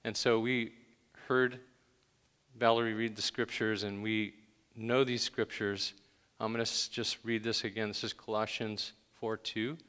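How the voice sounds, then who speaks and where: A man's voice: lowish voice, flat delivery, measured pace, fairly bright tone, smooth. A man preaching a conversational sermon to a church congregation, stressing each command with emphasis. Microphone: handheld microphone. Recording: long hall reverb.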